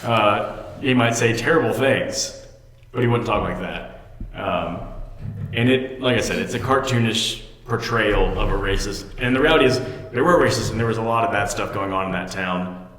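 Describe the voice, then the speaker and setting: A man's voice: on the low side, moderate pace, fairly bright tone. A man co-hosting a casual movie chat, picking apart a film with sarcastic, opinionated commentary. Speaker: podcast co-host. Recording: echoey room with long reverb.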